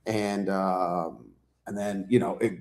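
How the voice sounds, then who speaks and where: A man's voice: deep voice, slow. A man, an author guest in a casual interview, telling stories loosely with many fillers, acting out quotes and swearing freely. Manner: animated storyteller, acts out quotes, swears freely.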